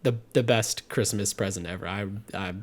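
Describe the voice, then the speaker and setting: A man in his twenties telling a story in casual podcast chat, calm and collected. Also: on the low side, normal speed. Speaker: podcast co-host.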